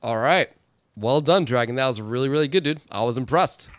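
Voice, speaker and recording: A man's voice: medium pitch, lively intonation, a little fast, no echo. Man, contest host, upbeat, encouraging, dry close sound. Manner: upbeat and encouraging, lots of "all right". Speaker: host of an online singing contest. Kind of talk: casual game-stream hosting.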